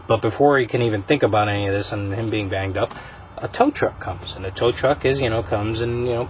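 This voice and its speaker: A man hosting a casual podcast, rambling through a story pitch with many fillers. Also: fairly quick, a little hiss or hum, rough recording. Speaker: podcast host.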